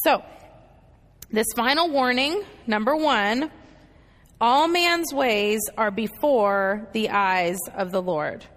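Lady teaching bible study, kinda high voice, keeps saying okay and right, echo hangs in a big hall. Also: slow, fairly bright tone. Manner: explains verse by verse, often checks in with "okay" and "right".

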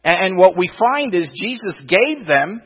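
A man's voice: high-pitched, big pitch swings, measured pace, husky. An older man preaching a sermon in an emphatic way, repeating words and asking rhetorical questions. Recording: dull, lo-fi sound with long reverb.

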